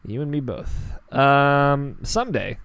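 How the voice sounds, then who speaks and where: A man hosts a gaming podcast in a loose, rambling chat. His mid-pitched voice has a gravelly, fry-laden edge. He talks casually and lets a curse slip now and then. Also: slow pace, slight background noise. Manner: relaxed, rambling, swears casually. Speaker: podcast host.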